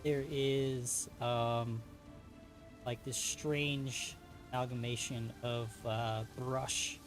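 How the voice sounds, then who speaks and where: A man narrating as game master of a tabletop game, pausing often with ums and uhs. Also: medium pitch, level tone, music in the background. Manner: halting, many ums and uhs.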